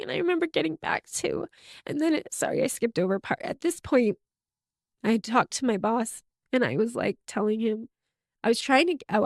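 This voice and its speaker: A woman's voice: a little high, creaky, no echo, clean studio sound. A young adult woman and podcast host, telling her own story in a candid, emotional way with many "like" fillers. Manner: emotional, open, frequent "like" fillers.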